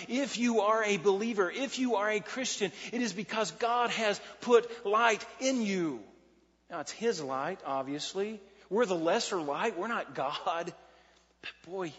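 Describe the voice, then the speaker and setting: A man's voice: a little high, fairly bright tone. A man preaching a sermon as a pastor, in a folksy, conversational way with asides and restarts. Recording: dull, lo-fi sound with long hall reverb.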